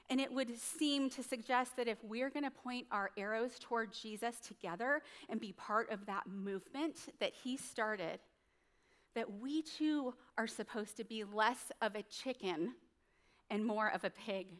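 A woman's voice: a little high, a bit bright. A woman pastor preaching a sermon in a conversational, storytelling way, often checking in with the congregation. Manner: conversational, storytelling, frequent tag questions.

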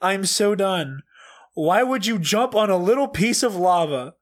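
A man's voice: high voice, expressive, measured pace. A man giving a dramatic comedic reading, profane and over the top, laughing often, speaking into a desk mic he has pushed back. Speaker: comedic reader. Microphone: desk mic, pushed back and turned down.

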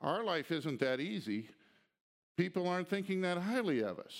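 Male pastor, high voice, gravelly, animated delivery, deliberate teaching. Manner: deliberate, emphatic teaching with slides. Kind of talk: expository sermon.

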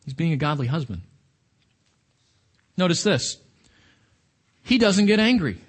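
A man's voice: on the high side, very animated, unhurried, breathy edge. A man preaching a sermon in a conversational, emphatic way, with rhetorical questions to his listeners.

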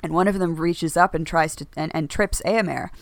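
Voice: medium pitch, fairly quick, no echo. A podcast co-host talking casually about a book, rambling with lots of fillers and restarts.

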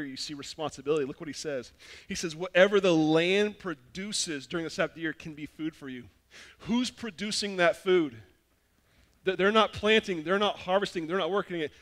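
A man preaching a sermon as pastor, telling lively stories that swing between loud bursts and hushed appeals. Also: fairly high pitch.

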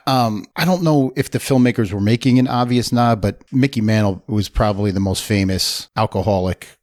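A man's voice: on the low side, brisk, a little mellow, no room sound, studio quality. A middle-aged man from New Jersey chatting casually on a podcast, rambling with many restarts and fillers. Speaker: podcast guest. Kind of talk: casual chat.

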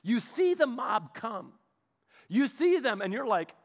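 A male preacher telling a Bible story in an animated, playful way, with asides. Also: extremely high pitch, measured pace. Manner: animated, playful, laughs at his own asides.

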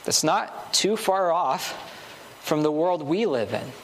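A man's voice: a little high, animated, takes it slowly, slight background noise. A man preaching a sermon earnestly, building emphasis with short repeated phrases.

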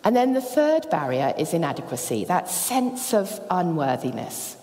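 A woman preaching a sermon, telling the story lively and acting out the voices. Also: fairly low pitch, moderate pace. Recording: long church reverb.

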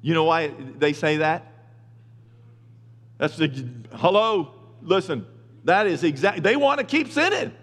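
A male pastor preaching a sermon, retelling scripture in casual slang and building to emphatic shouts. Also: fairly high pitch, big pitch swings, a little slow, long pauses. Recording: long reverb of a large hall.

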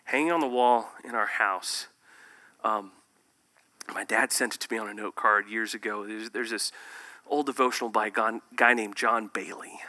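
A man preaching a sermon, swinging between loud emphatic bursts and hushed, near-whispered lines. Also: fairly low pitch, fairly even intonation, normal speed. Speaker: pastor.

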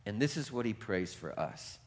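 A man pastor preaching a sermon, moving from hushed, reflective passages to shouted, rapid-fire exclamations, and putting questions to the congregation. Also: lowish voice, big pitch swings.

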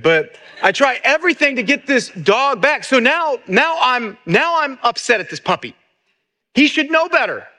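Middle-aged male pastor with a high voice, preaching in a chatty, storytelling style. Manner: conversational, animated storytelling with many restarts. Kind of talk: sermon.

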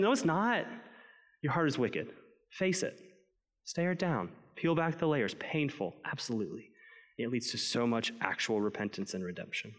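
A man's voice: fairly high pitch, very animated, unhurried, fairly bright tone, in a large hall. A man preaching a sermon in a conversational way, acting out inner voices and prayers as he speaks. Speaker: pastor.

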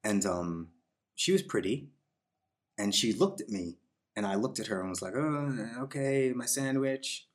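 A man who is a podcast guest, telling a personal story in a reflective, unhurried way, with fillers and voiced quotes. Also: on the low side, animated.

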